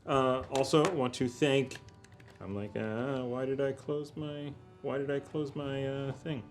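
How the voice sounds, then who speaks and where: A man's voice: mid-range voice, fairly even intonation, a little slow, soft background music. A man running a tabletop game as dungeon master, chatting casually on a live stream with laughs and trailing fillers.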